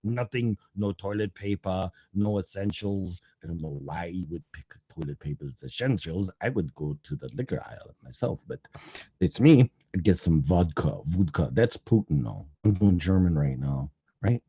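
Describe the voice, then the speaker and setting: A man hosts a casual audio stream from home, rambling and sarcastic with plenty of swearing. His voice sits low but jumps around a lot in pitch. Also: expressive, normal speed, dark tone, breathy edge. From Colorado. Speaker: host of a live talk stream. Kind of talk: casual live-stream talk show.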